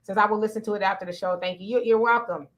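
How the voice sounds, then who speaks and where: A woman's voice: medium pitch, fairly even intonation, very fast, fairly bright tone, lo-fi sound. A woman co-hosting a live online talk show, greeting viewers by name and chatting with many fillers. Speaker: livestream co-host. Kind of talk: casual livestream chat, reading comments.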